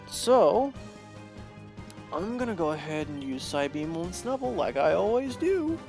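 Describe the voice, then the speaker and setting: Slow, exasperated gaming commentator. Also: medium pitch, sing-song, gravelly, over music. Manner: exasperated, laughing in frustration. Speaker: let's play host. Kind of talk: video game commentary.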